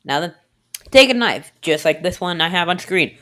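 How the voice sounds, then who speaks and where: A woman with a lowish, slightly bright voice chats through a home cooking video at a moderate pace, animated and rambling. She jokes to herself and to the viewer, plugging every gap with "anyway."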